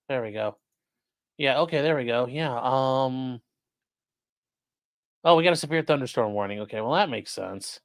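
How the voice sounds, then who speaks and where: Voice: mid-range voice, unhurried, pauses often, dry recording, studio quality. A live-stream host chatting casually at home, reading viewer comments aloud, swearing freely, rambling, and soothing a dog between remarks. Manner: animated, profane, rambling, talks to chat and dog. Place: at home indoors.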